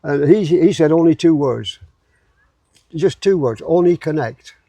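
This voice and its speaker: A man's voice: on the high side, lively intonation, a little slow, mellow, dry recording. A man, a guest in a casual chat who repeats words while he finds them. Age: 80s.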